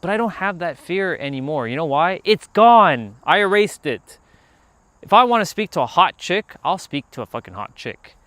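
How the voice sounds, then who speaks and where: A man hosting a casual outdoor livestream, talking in a rambling, animated way and calling out to people passing by. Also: a little high, normal speed, no echo. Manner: rambling, animated, calls out to passersby. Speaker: livestream host. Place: outdoors near a park.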